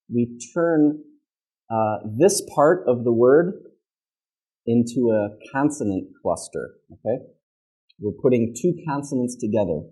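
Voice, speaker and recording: Slow, mellow Midwestern American teacher. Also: male voice, mid-range voice, poor audio. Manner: patient, checks in with "okay?" constantly; demonstrates sounds by modeling words aloud. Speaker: pronunciation teacher. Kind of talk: classroom lesson.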